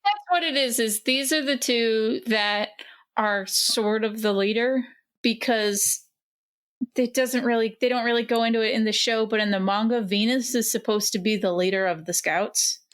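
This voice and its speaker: A woman's voice: a little high, normal speed. A woman co-hosting a podcast, chatting casually and explaining in a wry way with fillers. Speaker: podcast co-host. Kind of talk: casual chat.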